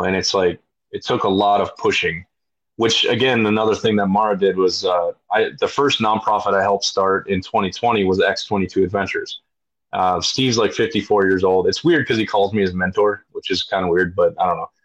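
A man in his thirties, a military veteran appearing as a podcast guest, tells his story in a blunt, profane, casual way with lots of fillers. His voice is low with a fairly bright tone, and the audio is dull and lo-fi.

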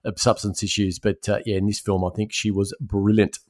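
A man's voice: fairly low pitch, level tone, a little fast, a little mellow, no echo, studio quality. A man co-hosting a casual movie podcast, emphatic and opinionated in his recommendations. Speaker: podcast co-host.

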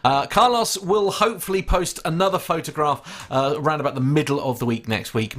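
A man's voice: mid-range voice, a bit bright. A man hosting a podcast in casual chat, laughing often and trailing into restarts. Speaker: podcast host.

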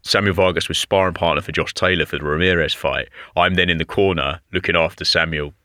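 A man, a fitness coach, telling animated stories in a casual podcast chat and laughing often. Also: sits low, quick pace, dry recording, studio quality. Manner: animated storyteller, laughs often, says "mate" and "like".

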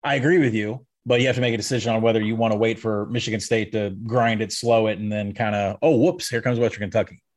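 A man's voice: on the low side, level tone. Stats-heavy male betting podcaster. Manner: quick stats-heavy delivery, wry asides. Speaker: podcast co-host, betting analyst. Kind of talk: casual sports betting chat.

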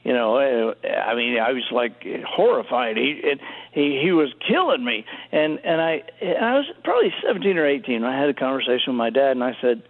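A middle-aged man from Alabama, an author telling stories in an interview, animated and full of restarts. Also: medium pitch, fairly quick. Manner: animated storyteller with many restarts. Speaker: author guest. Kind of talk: conversational storytelling interview. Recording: tinny phone-like line.

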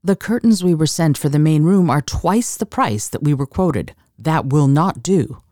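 A woman voices a nervous middle-aged male accountant who loves numbers. He comes across flustered and breathless with worry. The voice is mellow and dark, and the sound is close and dry. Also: low voice, very animated, normal speed, no echo. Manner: flustered, stammering.

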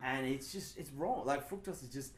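An Australian man chatting casually, rambling through his stories and poking fun at himself. His voice sits at an ordinary pitch and rings a little in an echoey room. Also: normal speed. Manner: rambling, self-deprecating storytelling. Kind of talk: casual chat.

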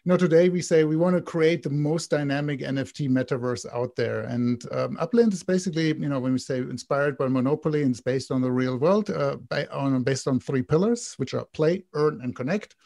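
A man's voice: fairly high pitch, a little fast, creaky, few pauses, darkish tone, no room sound, clean studio sound. A man with a German accent, a guest in an interview, explaining at length with frequent ums and restarts. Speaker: guest, game co-founder.

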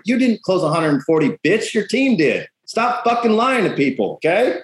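A man's voice: a little high, big pitch swings, moderate pace. A man coaching real estate agents in a blunt, profane, punchy motivational talk. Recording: echoey room.

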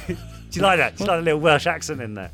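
A man co-hosting a podcast, chatting in a friendly, animated way and thanking listeners. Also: on the high side, very fast, faint music behind. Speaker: podcast co-host. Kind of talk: casual chat.

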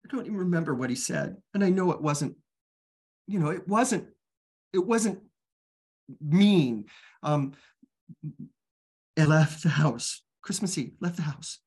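A man candidly telling his personal recovery story as a guest, halting and restarting often, earnest and open. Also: on the high side, expressive, darkish tone, breathy edge.

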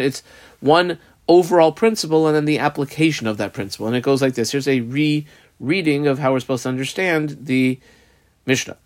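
A man leads a Talmud study lesson in a mid-range voice. He works through the page phrase by phrase and pauses to tell listeners how to mark each word. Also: medium pitch. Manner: explains step by step, marking up the text aloud. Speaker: Talmud teacher.

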